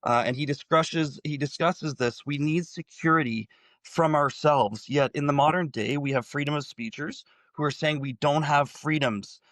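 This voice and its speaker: A man's voice: on the high side, normal speed, fairly bright tone, no echo. A man in his forties giving an impassioned solo commentary, full of rhetorical questions. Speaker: political commentator.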